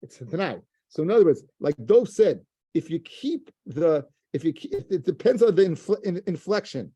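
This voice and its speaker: A man's voice: high voice, big pitch swings, normal speed, mellow, slightly rough, no room sound. A man teaching a Talmud class, reading Aramaic phrases aloud, translating them, and often repeating himself as he works through a passage.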